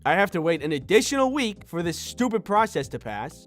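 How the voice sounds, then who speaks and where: A young man with a high voice spins a comedic story, and his pitch leaps all over as he goes. He sounds sarcastic and self-deprecating. Faint music plays underneath. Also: big pitch swings, fast, a bit bright. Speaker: animated storytime creator.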